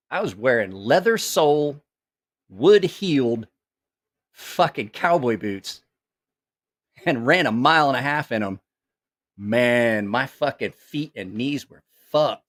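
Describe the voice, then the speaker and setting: A middle-aged man talks to his live chat from home, spinning loose anecdotes peppered with profanity and laughter. His pitch swings widely as he tells them, though his voice sits in a middle register. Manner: profane, laughing, animated storyteller. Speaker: livestream host. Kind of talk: casual rambling storytelling to a live chat. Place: at home, family nearby.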